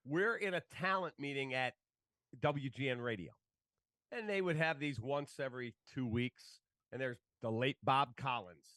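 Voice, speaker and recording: Man, animated storyteller, mid pitch, dry close sound. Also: moderate pace, dry recording. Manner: animated, acts out quoted voices. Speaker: guest, sports broadcaster. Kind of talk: casual storytelling.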